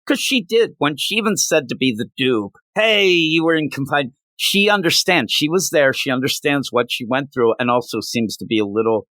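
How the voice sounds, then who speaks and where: Male comics podcast host, bright and forceful, casual and jokey, dry sound. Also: medium pitch, brisk, hardly any pauses, no room sound. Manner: animated, jokey, restarts a lot. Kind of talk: casual review chat.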